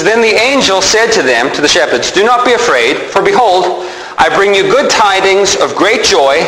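A man's voice: high voice, fairly bright tone. A man teaching a sermon, asking his listeners rhetorical questions and answering them himself. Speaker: preacher. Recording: echoey hall with faint background noise.

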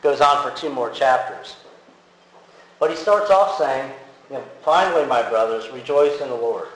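A man's voice: mid-range voice, moderate pace, fairly bright tone. A man giving a casual, conversational sermon, with many fillers and restarts as he talks to the congregation. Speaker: preacher. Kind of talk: casual sermon with audience quiz. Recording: very echoey hall with faint ambient noise.

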